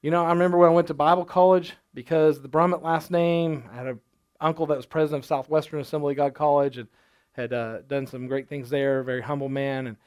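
Pastor preaching in a relaxed, conversational way. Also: male voice, fairly high pitch, fast, smooth. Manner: conversational, personal anecdotes, frequent restarts. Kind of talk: sermon.

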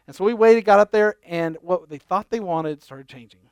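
High-voiced man telling a family story. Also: normal speed, clean tone, no room sound. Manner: animated, exasperated storytelling with quoted dialogue. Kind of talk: sermon illustration storytelling.

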